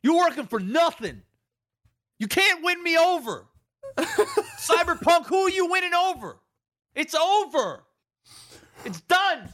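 Guy doing a high, whiny heartbroken ex, slow and over the top, yelling it's over. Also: huge pitch swings, exaggerated voice. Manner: wailing, shouting, drawn-out comic rant. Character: heartbroken jilted man, shrill and dramatic.

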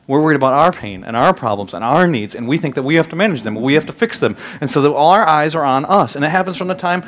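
Man, thirties, pastor, sermon, lively storyteller, higher-pitched voice. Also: fast. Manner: animated storytelling, rising loud and high in anecdotes. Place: church sanctuary.

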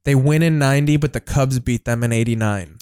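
A man co-hosting a casual, profane chat while watching old baseball footage, joking and dropping quick impressions. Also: mid-range voice, darkish tone, smooth, no room sound, clean studio sound.

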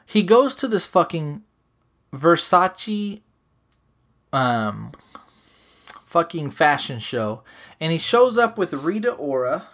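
A young man rattles off stories in a casual, profane podcast chat. His pitch swings widely and he never loses steam. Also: takes it slowly, long pauses. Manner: animated, profane storytelling. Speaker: podcast host.

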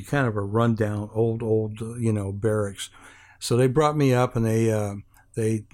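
A man's voice: fairly low pitch, a little mellow. An older man from Hawaii, an interview guest telling a rambling anecdote with many restarts and fillers, acting out the other people's lines as he goes.

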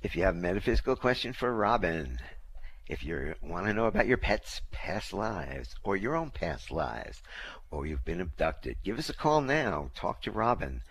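Deep-voiced male radio co-host. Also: big pitch swings, moderate pace, fairly bright tone, a little hiss or hum. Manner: repeats phone numbers, upbeat promo delivery. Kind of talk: radio announcing.

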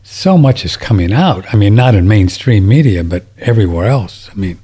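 Man, show host, low voice, mellow, husky, brief agreeable interjections. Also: expressive, normal speed. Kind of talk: casual interview chat.

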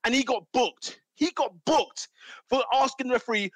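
A man's voice: extremely high pitch, normal speed, fairly bright tone, no echo. A man arguing about football, ranting and exasperated, repeating his points. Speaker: football pundit. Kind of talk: heated football argument.

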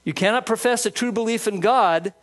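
A man's voice: high voice, brisk. A man preaching a sermon, explaining scripture earnestly and reading passages aloud. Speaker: pastor.

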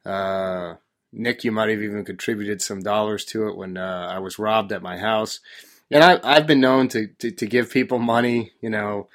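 A man's voice: lowish voice, fairly even intonation, moderate pace. A man hosting a podcast, ranting in an exasperated, joking way. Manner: ranting, exasperated complaining with laughs. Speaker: podcast host. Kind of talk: casual chat.

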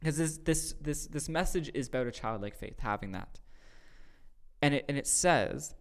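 A man at an ordinary middle pitch talks through a scripture passage in a relaxed, conversational way. He is earnest and now and then jumps into louder acted-out lines. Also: moderate pace. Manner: earnest, acts out quoted voices with sudden loud bursts. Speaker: podcast host teaching scripture. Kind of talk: casual faith discussion.

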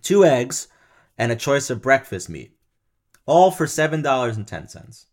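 A man's voice: mid-range voice, big pitch swings, a little slow. A young man co-hosting a podcast, joking around and rambling in casual chat, laughing often. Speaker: podcast co-host.

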